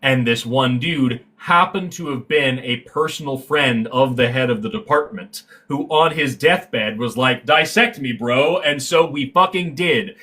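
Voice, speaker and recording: A man with a bright, forceful tone talks as a guest on a science livestream. He tells stories with lots of energy, swears casually and suddenly gets loud when something excites him. His voice sits in an ordinary middle range for a man. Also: medium pitch, measured pace, hardly any pauses. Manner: animated storyteller who swears freely and bursts into loud exclamations. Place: livestream, recorded remotely.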